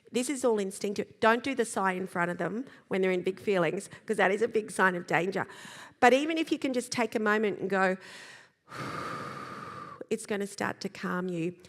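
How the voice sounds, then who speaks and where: A middle-aged woman giving a calm, gentle talk on parenting to a live audience, pausing to demonstrate slow breaths and sighs. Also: medium pitch. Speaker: parenting speaker. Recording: long reverb of a large hall.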